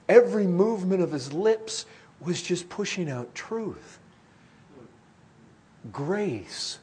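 Husky-voiced man preaching a sermon. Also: high-pitched. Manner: earnest, swells loud then drops hushed.

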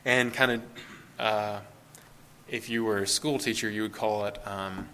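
A pastor preaching an informal sermon, talking casually with frequent restarts and short laughing asides. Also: male voice, lowish voice, steady tone, unhurried, bright, forceful tone, slight background noise. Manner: conversational, self-interrupting, laughing asides.

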